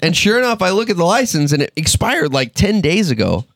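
A fairly high-voiced man from Michigan spins a story on a podcast, animated and full of swearing as he acts out everyone's lines. The sound is dry and close on a studio mic. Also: brisk, no echo. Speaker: podcast co-host. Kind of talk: casual storytelling chat.

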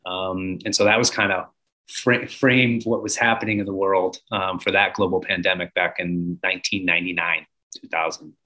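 A man in his forties from the United States tells his story as a guest, earnest and reflective, with some fillers. His voice sits low and sounds pushed and bright, with fairly even intonation at a moderate pace.

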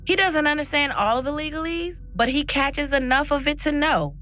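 A woman hosting and narrating a documentary podcast in an expressive storytelling manner. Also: sits high, moderate pace.

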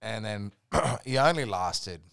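A man's voice: fairly low pitch, animated, takes it slowly, gravelly, a bit bright, clean tone, no echo, studio quality. An Australian man, a podcast guest, telling a rambling, profane anecdote in casual chat. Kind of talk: casual storytelling.

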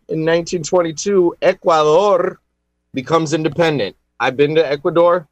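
A man co-hosting a radio show, presenting history facts with halting speech, fillers and deadpan puns. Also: a little high, dry recording. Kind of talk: casual radio banter. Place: radio studio.

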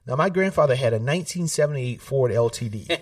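A man, telling stories in an animated way, laughing often and acting out family voices. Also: mid-range voice, quick pace, no echo, distant mic. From South Carolina. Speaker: political candidate, guest. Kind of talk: casual storytelling interview. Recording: dry sound, set back from the mic.

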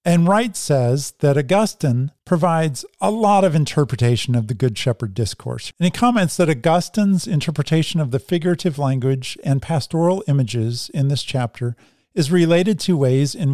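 A man's voice: a little high, expressive, normal speed, a little mellow, no echo, clean studio sound. A man teaching a Bible passage in a conversational lecture style, reading quotations aloud from articles. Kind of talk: teaching talk on scripture.

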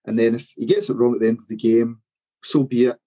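A man, co-hosting a sports podcast and explaining things in a measured way. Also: medium pitch, steady tone, mellow, rough recording. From Scotland. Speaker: podcast co-host. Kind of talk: casual chat.

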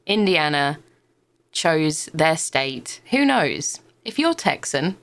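Woman podcast co-host with a very lively pitch, giggly and hesitant. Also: slow pace. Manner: hesitant, giggly, lots of fillers. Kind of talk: casual chat.

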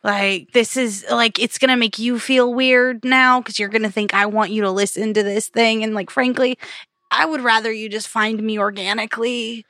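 A woman with a bright, fairly high voice, chatting on a podcast with lively jokes. The recording is dry and close. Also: moderate pace, no room sound. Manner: animated, jokey, acts out quotes. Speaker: podcast co-host. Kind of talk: casual chat.

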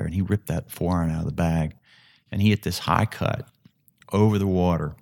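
Low-voiced middle-aged man telling stories. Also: gravelly. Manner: vivid storyteller with frequent restarts. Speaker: golf analyst and guest. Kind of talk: conversational storytelling.

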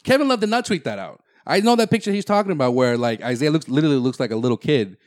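A man's voice: on the high side, lively intonation, quick pace. A man hosting a casual sports podcast, rambling and restarting his sentences. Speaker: podcast host.

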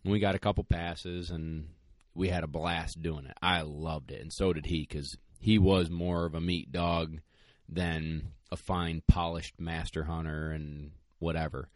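Deep-voiced guy hosting a chat, tells stories and laughs, dry close sound. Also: steady tone, unhurried, a little mellow, no echo. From northern United States. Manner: storytelling, laughs as he talks. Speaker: podcast host. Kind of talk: casual chat.

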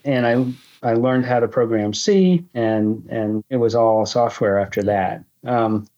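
Man, fifties, podcast guest, hesitant restarts, mid pitch, slightly muffled sound. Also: measured pace, warm tone. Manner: thoughtful, hesitant, many restarts. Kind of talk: casual conversation.

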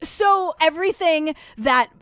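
High-voiced chatty woman podcaster. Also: slow. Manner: animated storyteller, swears casually. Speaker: podcast co-host. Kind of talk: casual chat recapping a true-crime documentary.

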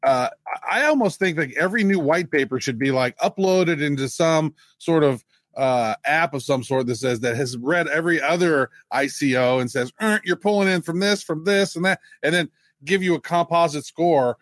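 Male co-host, higher voice, dry close mic, loose and jokey. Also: normal speed, no room sound. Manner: animated, joking, mimics others in quotes. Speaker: podcast co-host. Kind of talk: casual chat.

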